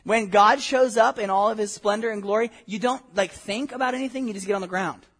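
A man from Southern California preaching a sermon, animated and conversational, with frequent asides and questions to the congregation. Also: high-pitched, brisk, husky. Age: adult, married with a wife. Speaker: pastor. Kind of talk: expository sermon.

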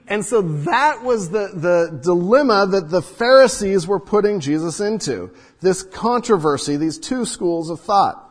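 Husky-voiced man preaching in a reverberant hall. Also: high voice, lively intonation, unhurried, few pauses. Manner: earnest teaching with rhetorical questions and asides to the congregation. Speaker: pastor. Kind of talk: sermon. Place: church hall with congregation.

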